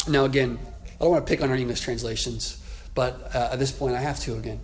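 A man's voice: medium pitch, steady tone, fast talker. A man preaching a sermon, explaining the text in a conversational way with occasional self-corrections. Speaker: pastor.

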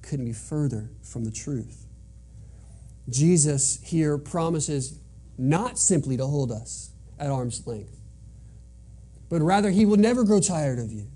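A man's voice: sits high, mellow, breathy edge. A man preaching a sermon in an earnest, emphatic way, driving points home by repeating them. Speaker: pastor.

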